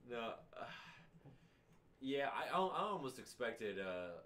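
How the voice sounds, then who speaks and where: A man hosting a casual podcast chat, laid-back, laughing often and trailing off quietly. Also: mid-range voice, sing-song, takes it slowly. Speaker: podcast host.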